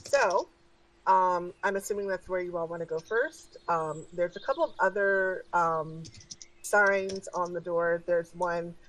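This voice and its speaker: A woman's voice: lowish voice, distant mic, low-quality recording. A woman narrating a tabletop game as game master, in a casual, hesitant way with many fillers.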